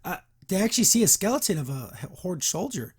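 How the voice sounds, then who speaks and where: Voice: mid-range voice, sing-song, quick pace, darkish tone, breathy edge, faint music behind. Rambling, wry podcast host reviewing a cartoon. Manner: rambling, filler-heavy, wry and incredulous. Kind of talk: casual episode recap and review.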